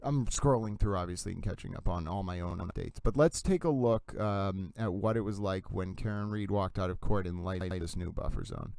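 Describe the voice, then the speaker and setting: A man's voice: low voice, fairly quick, gravelly, few pauses, a little mellow, no room sound. A man hosting a channel and giving casual, rambling commentary on court videos, often breaking off mid-sentence. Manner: rambling, self-interrupting. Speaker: host.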